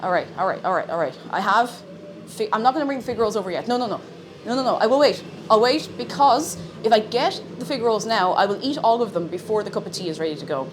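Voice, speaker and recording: A young woman streaming from home, chatting brightly with her viewers and greeting them by name. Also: medium pitch, animated, fast talker, noisy background. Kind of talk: casual live-stream chat.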